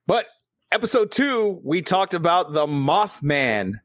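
Profane, animated male podcast host. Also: fairly high pitch, a little slow, no echo, studio quality. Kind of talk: casual storytelling chat.

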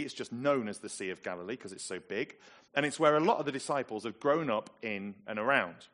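A man from England preaching a sermon, telling the story with lively, dramatic emphasis. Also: medium pitch.

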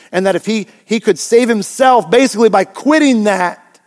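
A male pastor preaching a sermon with energy and folksy asides, his voice climbing toward near shouts. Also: high-pitched. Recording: long church hall reverb.

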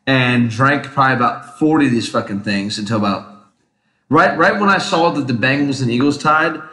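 Laid-back man, bright voice, roomy sound. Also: mid-range voice, normal speed. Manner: laid-back, swearing, hesitant ums. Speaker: podcast co-host. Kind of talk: casual chat. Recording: roomy echo.

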